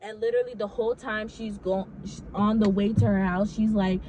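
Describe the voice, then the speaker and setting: A woman's voice: medium pitch, steady tone, moderate pace, few pauses, dark tone, slight background noise, low-quality recording. A young woman telling a casual story to her vlog audience. She talks animatedly, swears freely and fills her sentences with "like".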